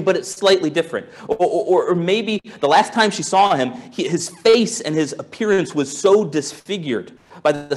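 Conversational pastor preaching, soft to fervent. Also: male voice. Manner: conversational, musing, with many restarts and rhetorical questions; swings from soft and low to raised and intense. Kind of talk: sermon.

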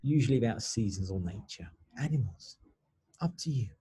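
A man's voice: lowish voice, lively intonation, normal speed, dark tone, breathy edge. A man teaching children in a recorded online lesson, explaining patiently step by step.

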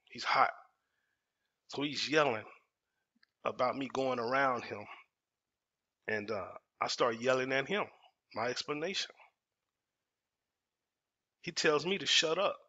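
A man in his 40s from Dallas, Texas, works as a storytelling host, telling a personal story in emphatic, casual speech and repeating phrases for effect. His voice is medium-pitched with a sharp tone, heard through dull lo-fi audio.

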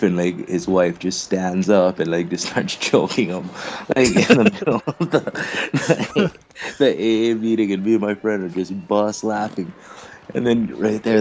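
A man's voice: low voice, measured pace, a little mellow. A young man being interviewed, telling long rambling stories in a casual, profane, laughing way. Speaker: interviewed clan member. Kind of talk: casual storytelling chat.

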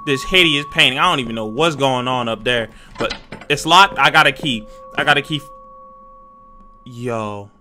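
A young man giving jumpy, excitable, slang-filled commentary while playing a horror game and talking to his viewers. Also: medium pitch, normal speed, faint music behind. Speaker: gaming YouTuber.

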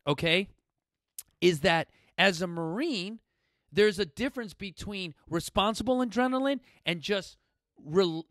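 A man, hosting his own fitness talk show and telling a personal story in a direct, emphatic way that swings between loud bursts and quiet asides. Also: high voice, no room sound, clean studio sound. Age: 40s. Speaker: gym founder and podcast host. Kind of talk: motivational storytelling monologue. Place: coastal Southern California gym studio.

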